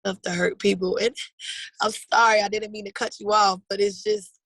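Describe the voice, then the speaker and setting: A woman's voice: mid-range voice, level tone, moderate pace, fairly bright tone, breathy edge, dry recording, low-quality recording. A woman in her thirties speaking in a heartfelt, earnest way in a personal interview, often calling people "baby". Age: 30s.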